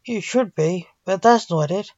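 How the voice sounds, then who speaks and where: Brief: a woman voicing a blunt, caring son, probing gently, unhurried, slightly low, muffled dry sound. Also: dry recording. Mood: concerned.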